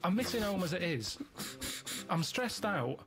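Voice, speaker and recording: A man telling rambling deadpan anecdotes in casual comedic chat. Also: sits high, measured pace. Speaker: podcast regular.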